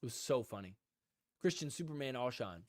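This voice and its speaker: A man's voice: medium pitch, expressive, a little fast, no echo. A man hosting a casual live stream, rambling with lots of "like" and talking to viewers in the chat. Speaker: podcast host.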